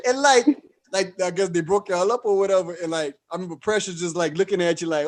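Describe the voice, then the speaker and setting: A man, hosting a podcast and telling stories in casual chat, animated and laughing often as he acts out voices. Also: sits high, brisk. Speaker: podcast host.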